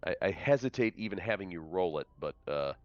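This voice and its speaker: A man's voice: low-pitched, brisk, no echo, muffled recording. A man acting as game master for an online tabletop game, chatting casually and reading out room descriptions. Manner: relaxed, chatty, reads room descriptions aloud.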